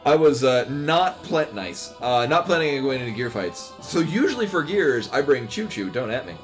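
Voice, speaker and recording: A man's voice: medium pitch, very animated, normal speed, soft background music. A man casually commenting while he streams a game, rambling and breaking off mid-thought. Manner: rambling, chatty, self-interrupting.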